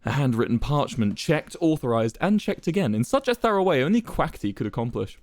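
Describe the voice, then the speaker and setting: A man streaming, reading a fan story aloud in an expressive, dramatic way. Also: medium pitch, fairly quick, no echo, clean studio sound.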